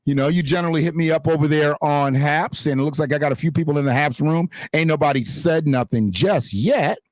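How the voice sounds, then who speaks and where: A man with a slightly high voice hosts an unscripted livestream, ranting in a fiery, profane, emphatic way. He's at a home streaming setup, speaking into a desktop streaming mic in front of a green screen, and the recording is dry.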